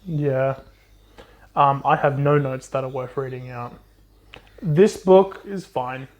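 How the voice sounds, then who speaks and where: A man co-hosting a podcast, casually retelling a children's book plot with swearing and quick silly voices for the characters. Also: mid-range voice. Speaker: podcast co-host. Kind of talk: casual book recap chat.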